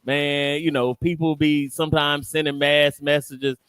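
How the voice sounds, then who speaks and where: A man's voice: on the high side, flat delivery, measured pace, fairly bright tone, clear, resonant tone, no room sound. A man hosting a radio talk show, playful and colloquial, teasing his listeners. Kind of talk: casual radio panel talk.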